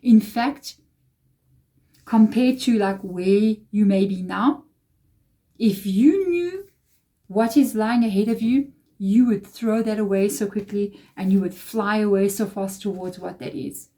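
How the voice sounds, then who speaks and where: A woman's voice: mid-range voice, a little slow, dark tone. A woman giving a tarot reading to her viewers, earnest and reassuring, often repeating phrases for emphasis. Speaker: tarot reader.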